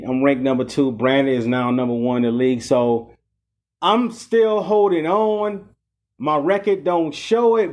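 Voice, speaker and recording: A man talks casually into a close mic as host of his own fantasy football show. His voice sits a bit high for a man. He sounds frustrated, and his speech is loose, full of "you know" and "okay?". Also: a little mellow. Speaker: podcast host.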